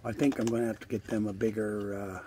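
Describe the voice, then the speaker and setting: A fairly low-pitched older man talks at a quick pace with flat delivery against a noisy background. He's casually vlogging outdoors next to a trailer by the woods, rambling, coaxing animals fondly, and now and then letting a swear word slip.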